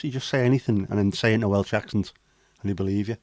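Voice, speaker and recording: A man's voice: on the low side, steady tone, racing, a little mellow, dry recording. A man from England hosting a livestream, reading out the chat with blunt, sweary banter. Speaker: livestream host. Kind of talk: casual live chat reading the chat.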